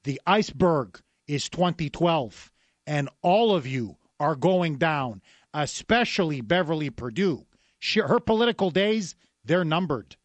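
A man's voice: on the high side, lively intonation, unhurried, dry recording. A man hosting a talk radio show, delivering an emphatic, combative monologue with lots of repetition. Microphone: studio microphone.

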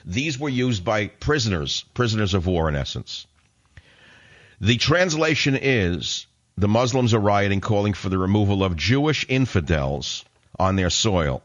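Deep-voiced man ranting on talk radio. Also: expressive, moderate pace, dull audio. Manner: sarcastic, indignant, ranting. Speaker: radio talk show host. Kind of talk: combative talk radio monologue.

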